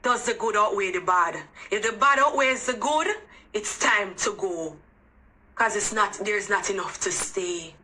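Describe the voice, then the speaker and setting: A woman's voice: medium pitch, measured pace, sharp tone, a little hiss or hum, rough recording. A woman with a Jamaican accent giving earnest, emphatic relationship advice straight to camera, pressing the listener with questions. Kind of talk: direct-to-camera advice monologue.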